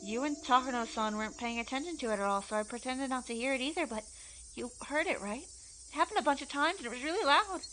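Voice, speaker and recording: A woman voicing a teasing, anxious teenage girl, reading a visual novel aloud in an excitable manner. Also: high voice, fast talker, pitched above the performer's own voice, low-quality recording. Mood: uneasy. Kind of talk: visual novel read-along.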